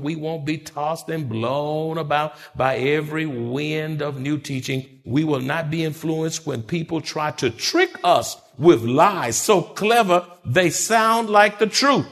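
Lively high-voiced male preacher. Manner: animated preaching with repetitions and acted-out voices. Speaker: pastor. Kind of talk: sermon.

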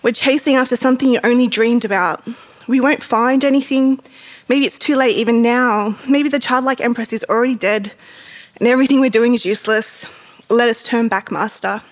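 A woman's voice: on the high side, fairly quick, natural voice, low-quality recording. A woman reading aloud as a gloomy male talking horse, in a weary, hopeless, heavy-hearted way. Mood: despairing.

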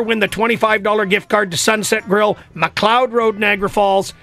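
A man's voice: high-pitched, fairly even intonation, moderate pace, creaky, fairly bright tone, soft background music. A middle-aged man hosting a radio call-in show, upbeat and promotional, repeating phone numbers with lots of fillers. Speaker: radio talk show host. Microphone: studio microphone.

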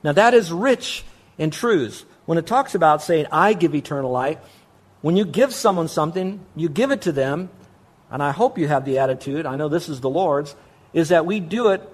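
A male pastor preaches in a voice set a little higher than most men's. He drives his points home with repetition. He poses questions and then answers them himself. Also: expressive, normal speed, breathy edge. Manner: emphatic, repeats key words, asks and answers his own questions. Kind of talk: sermon.

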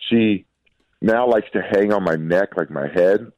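A man chatting casually as a podcast co-host, telling animated stories about his young daughter. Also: on the low side, a little slow, no room sound, highs cut off. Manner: animated storytelling, mimics his toddler's voice. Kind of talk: casual chat.

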